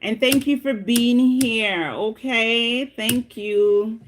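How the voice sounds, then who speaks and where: A woman with a Jamaican accent hosting a livestream, chatting casually and telling stories in an animated way, often laughing. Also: a little high, slow, slight background noise. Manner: loose, chatty asides to viewers. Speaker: livestream host. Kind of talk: casual storytelling to live viewers.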